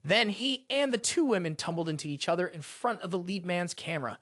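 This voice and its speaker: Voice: mid-range voice, brisk, fairly bright tone, no echo, studio quality. A narrator telling a drama recap in a scripted storytelling style.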